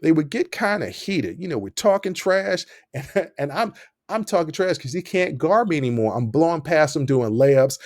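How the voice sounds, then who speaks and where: A man hosting a podcast, telling a story in a lively, casual way and laughing often. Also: on the high side, moderate pace, no room sound, clean studio sound. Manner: animated, laughs often while telling stories. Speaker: podcast host.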